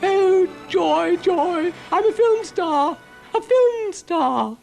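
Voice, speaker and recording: A man's voice: very high voice, lively intonation, drawn-out words, vocal fry, darkish tone, soft background music, pitched above the performer's own voice, exaggerated voice. A British man voicing a vain, gushing female cow in a children's cartoon, squealing with delight.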